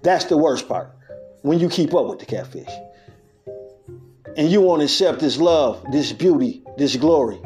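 A man's voice: a little high, darkish tone. A podcast host, a man, giving a loose spiritual monologue in a street-talking way, laughing often and acting out what people said.

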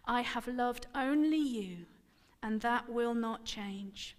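A woman's voice: a little high, takes it slowly, big-room sound. A woman reading the lines of a firm but tender old man in a scripted sermon passage.

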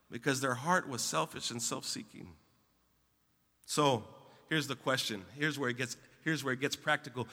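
A man preaching a sermon as pastor, building to loud exclamations and leading call-and-response with his congregation. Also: on the high side, big-room sound. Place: church sanctuary.

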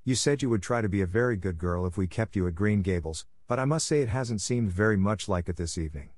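A man's voice: fairly low pitch, fast talker, a little mellow, no room sound, natural voice. A man voicing a strict, stern middle-aged woman guardian in a storybook reading, severe and dry.

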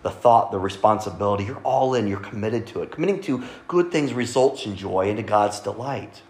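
A man's voice: fairly low pitch, lively intonation, a little fast, darkish tone. Conversational man preaching in an echoey church. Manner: conversational, frequent "right?" asides to congregation. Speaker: pastor. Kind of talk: sermon. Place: church sanctuary.

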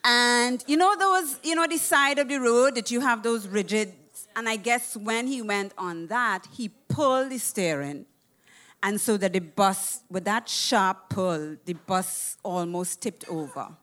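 A woman telling a personal travel story in a casual, animated way, swearing freely. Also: on the high side, measured pace. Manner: animated, profane, acts out quoted voices.

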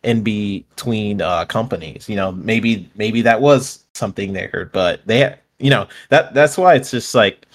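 A man chatting on a gaming podcast in a relaxed, halting way. His voice sits a little low. He pauses and restarts as he thinks. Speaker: podcast co-host. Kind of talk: casual chat.

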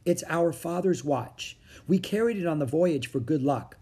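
Man voicing a sweet polite older-sister girl, higher voice, a bit husky. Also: lively intonation, normal speed. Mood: gentle. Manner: soft, polite. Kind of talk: storybook reading.

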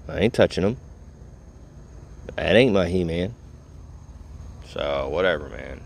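A man's voice: low voice, lively intonation, measured pace, vocal fry, slight background noise. A tired man rambling casually to his audience, laid-back and full of profanity. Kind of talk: casual rambling talk to camera.

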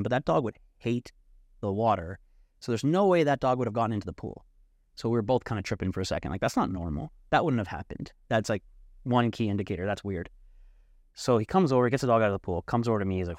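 Low-voiced man telling a wild story. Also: no echo, studio quality. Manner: animated, swearing, acts out quoted voices. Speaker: podcast guest. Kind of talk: casual storytelling.

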